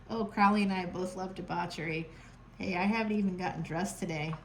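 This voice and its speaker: A woman reads tarot cards in a casual, rambling way, mixing card names with sarcastic asides. Her voice sits fairly low for a woman. A faint background hiss sits under the talk. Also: fairly even intonation, moderate pace, poor audio. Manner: playful, sarcastic, chatty with frequent laughs. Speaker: tarot reader. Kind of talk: casual tarot reading to camera. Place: home.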